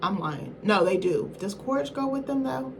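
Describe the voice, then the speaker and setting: A woman's voice: mid-range voice, lively intonation, moderate pace, creaky, noisy background. A woman reviewer giving a casual film recap in a rambling, slangy, profane way, often correcting herself mid-thought.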